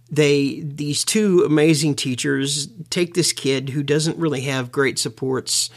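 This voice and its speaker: A man giving an earnest educational talk, slowing down to stress his key words. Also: a little high. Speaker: lecturer.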